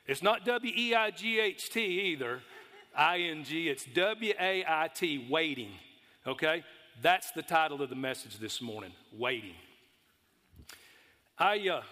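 A man's voice: on the high side, bright, forceful tone. A man with a Texas accent preaching a sermon in a folksy, storytelling way to a church congregation. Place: church sanctuary. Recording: long reverb of a large hall.

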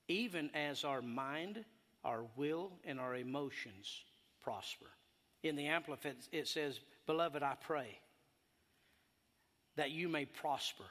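Bright-voiced preacher in a reverberant hall. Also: male voice. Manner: animated preaching, voice rising high and loud on emphasis. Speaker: pastor. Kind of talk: sermon. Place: church hall.

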